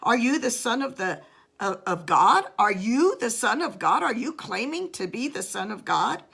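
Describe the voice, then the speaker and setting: Woman voicing an accusing high priest, repeated questions, raised pitch, gravelly. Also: sing-song, normal speed, fairly bright tone, heavily acted. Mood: interrogating. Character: demanding high priest, older man, accusing.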